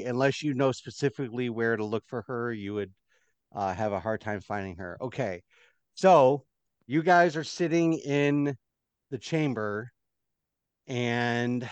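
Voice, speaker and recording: Man, game master, halting, full of fillers, smooth voice, dry close sound. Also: mid-range voice, dry recording. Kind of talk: narrating a tabletop game.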